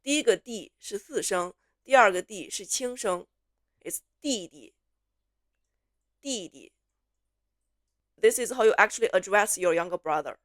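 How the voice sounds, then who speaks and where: A woman teaching pronunciation, slowly repeating syllables and words for learners to copy, switching between English explanations and drills. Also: medium pitch, fairly bright tone, no room sound, studio quality. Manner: slow, clear repetition, drawn-out syllables for learners. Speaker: Mandarin teacher.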